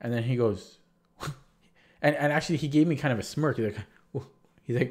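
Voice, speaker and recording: A man's voice: medium pitch, normal speed, long pauses, a little mellow. A man with a sore throat, casually recapping his chess games on a livestream, rambling and restarting sentences as he retells what happened. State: sore throat, feeling sick.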